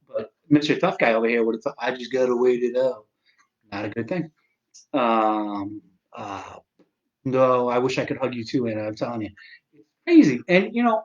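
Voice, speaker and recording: A man in his forties chatting on a livestream, sarcastic and profane, halting often with fillers. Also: mid-range voice, dull audio. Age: 40s. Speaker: livestream host. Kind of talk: casual livestream chat.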